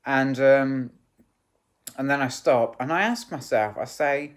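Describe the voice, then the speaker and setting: Man vlogging a personal story, slow and rambling, halting with many restarts, candid and emotional. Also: mid-range voice. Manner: rambling and halting, full of "you know" and restarts.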